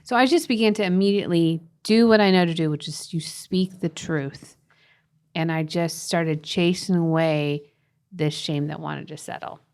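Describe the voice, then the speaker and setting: A woman co-hosting a parenting podcast, earnestly telling a family story in casual chat, with quick restarts and soft laughs. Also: fairly low pitch. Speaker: podcast co-host and parenting author.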